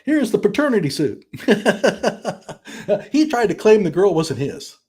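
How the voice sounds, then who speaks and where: A man's voice: high voice, wildly swooping pitch, brisk, a little mellow, slightly rough. A man hosting a live stream, chatting casually and mockingly, with frequent laughs and fillers.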